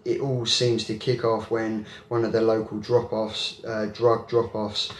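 Flat-voiced man in an echoey room. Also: lowish voice. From London. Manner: measured, explanatory, with "uh" pauses. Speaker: guest comic reviewer. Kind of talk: casual comic review. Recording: echoey room with faint noise.

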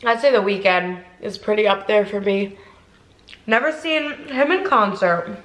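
A woman's voice: mid-range voice, unhurried, fairly bright tone, roomy sound, poor audio. A young woman from Ohio chatting casually through a mukbang vlog, rambling with lots of fillers. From Ohio, USA. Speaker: vlogger. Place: inside a car.

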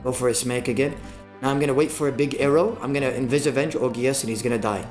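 A man streaming live gameplay, trash-talking and swearing a lot, with sudden bursts of yelling as he coaches viewers through fights. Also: mid-range voice, steady tone, quick pace, soft background music.

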